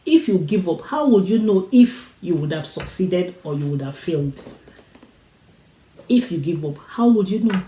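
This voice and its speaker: A woman's voice: on the low side, expressive, normal speed, dark tone, reverberant, slight background noise, low-quality recording. A woman giving a motivational talk, urging listeners on with repeated, preacher-like phrases. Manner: repetitive, urging, preacher-like cadence. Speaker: motivational speaker.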